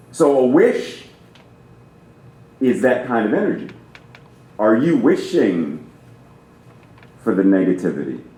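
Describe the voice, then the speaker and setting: A man's voice: mid-range voice, darkish tone. Guy preaching, theatrical, plays w/ emphasis a lot, big echoey sanctuary sound. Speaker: guest minister. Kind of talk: sermon. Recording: roomy church reverb.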